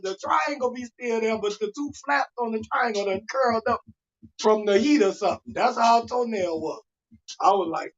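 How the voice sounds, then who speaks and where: Husky-voiced comedian guy ranting on a live stream, muffled lo-fi sound. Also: extremely high pitch. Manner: animated, loud outbursts and mock-indignant rants. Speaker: comedian hosting a live show. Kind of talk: profane comedic storytelling. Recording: dull lo-fi livestream audio.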